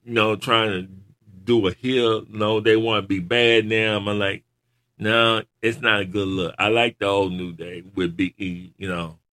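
A man chatting casually in loose grammar, rambling and laughing often as he tells animated stories. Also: fairly low pitch. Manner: animated storyteller. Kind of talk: casual chat watching wrestling.

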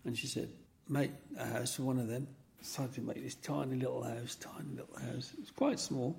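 An older man telling stories from his life in a rambling, animated way during an interview. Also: medium pitch, normal speed, gravelly, a little hiss or hum. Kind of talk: personal storytelling in an interview.

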